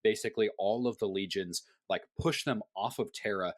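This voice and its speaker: A man co-hosting a podcast, talking in a fairly low voice with a chatty, playful manner. He is recorded close on the mic in a dry, dead room. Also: no room sound. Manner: chatty and playful, quick asides. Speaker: podcast co-host. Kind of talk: casual chat.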